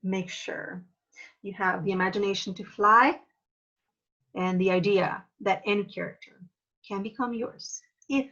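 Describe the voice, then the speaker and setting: A woman teaching an acting lesson in a thoughtful, casual way, pausing often with fillers. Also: medium pitch, fairly even intonation, pushed and bright, lo-fi sound. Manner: thoughtful, many filler pauses. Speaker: drama teacher.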